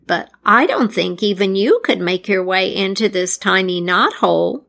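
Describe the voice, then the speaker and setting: A woman's voice: medium pitch, normal speed, creaky, a bit bright. A woman voicing a shrewd old crone who pleads and coaxes in a raised, lilting voice. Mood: coaxing. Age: older. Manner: pleading, coaxing.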